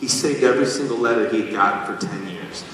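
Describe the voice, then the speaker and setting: A singer on stage telling the audience a personal story, animated and self-deprecating. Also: male voice, lowish voice, fast talker, a little hiss or hum. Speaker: singer addressing a concert audience. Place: large concert venue. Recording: echoey live hall, taken from far off.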